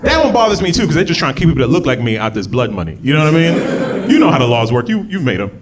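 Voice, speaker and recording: A man performing a stand-up comedy set, talking conversationally and jumping into loud shouted bits when he acts out voices. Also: on the high side, big pitch swings, rapid-fire, crowd noise.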